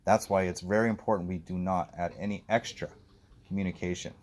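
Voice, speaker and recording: A man working as a dog trainer, coaching an owner outdoors in an animated, explanatory way. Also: low-pitched, fairly quick. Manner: explanatory, animated, acts out the dog's thoughts.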